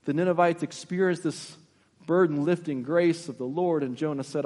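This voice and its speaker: High-voiced pastor preaching in a reverberant hall. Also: male voice, steady tone, normal speed, a little mellow. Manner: impassioned, rhetorical questions to the congregation. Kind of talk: sermon. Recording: long reverb of a large hall.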